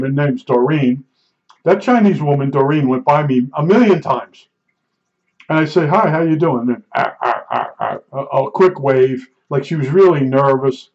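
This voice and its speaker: A middle-aged man telling a rambling personal anecdote, excitable, restarting sentences and acting out the dialogue. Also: on the high side. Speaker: storyteller recounting an incident. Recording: dull lo-fi recording.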